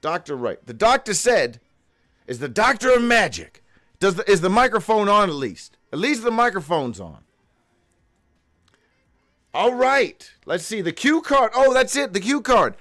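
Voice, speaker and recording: A high-pitched man carries a daily live show alone, skipping from one odd phrase to the next with a lot of swearing. He stumbles over his own handwritten notes and now and then breaks into a loud whoop. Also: big pitch swings, a little slow. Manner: profane, free-associating, with sudden whoops. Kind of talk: rambling live monologue.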